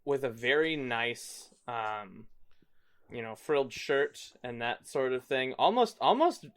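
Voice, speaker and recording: A man's voice: mid-range voice, lively intonation, measured pace, a bit bright. Rambling male game master. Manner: rambling, filler-heavy narration. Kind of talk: narrating a tabletop game.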